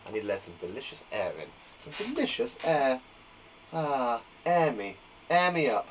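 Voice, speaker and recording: A man's voice: medium pitch, very animated, moderate pace, distant mic, slight background noise, poor audio. A man teaching a live online lesson to young children, upbeat and playful, from a small garden shed. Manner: upbeat, playful, exaggerated sound effects. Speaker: primary school teacher.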